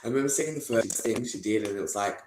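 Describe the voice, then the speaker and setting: Young guy, low-pitched, loose and profane, recorded in a roomy echo. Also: fast, a little mellow, a little hiss or hum. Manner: rambling, heavy swearing, frequent laughs. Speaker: interviewee giving testimony. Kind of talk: candid casual talk. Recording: echoey room.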